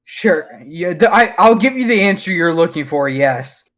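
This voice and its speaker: A man's voice: fairly high pitch, animated, normal speed, fairly bright tone. Stammering, exasperated young man. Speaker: podcast co-host. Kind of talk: casual chat.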